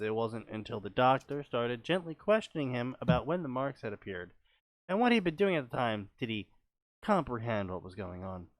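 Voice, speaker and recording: A man's voice: medium pitch, no echo. A man co-hosting a casual podcast, reading fanfiction aloud with sarcastic, profane commentary.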